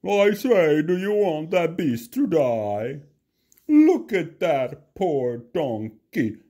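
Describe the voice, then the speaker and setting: A man voicing a rude rider in a storybook, loud and scolding. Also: on the high side, sing-song, drawn-out words, husky, pitched above the performer's own voice, full character voice.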